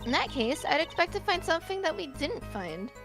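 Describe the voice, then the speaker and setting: A woman's voice: sits high, very animated, a little fast. A woman voicing a cheeky, teasing young girl in a fan-dubbed courtroom game, with game music behind.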